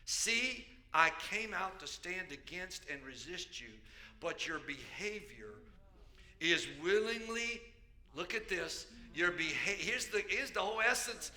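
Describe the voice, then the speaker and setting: Preacher man w a really bright high voice, jokey, gets loud, sermon. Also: lively intonation, a little slow. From United States. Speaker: pastor.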